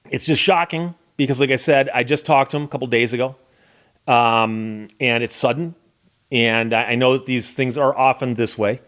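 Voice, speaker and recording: A man's voice: mid-range voice, a bit bright. A middle-aged American man, a lawyer and YouTube host, speaking in a somber, reflective casual monologue with frequent restarts. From United States.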